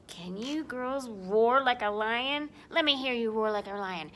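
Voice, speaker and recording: A woman teacher reading a picture book aloud to young children, sing-song and animated, sometimes dropping to a whisper. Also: on the high side, slow pace.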